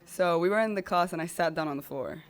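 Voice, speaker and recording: A woman's voice: fairly low pitch, fast talker, soft background music. A woman guest on a podcast telling a personal story in an emotional, rambling way.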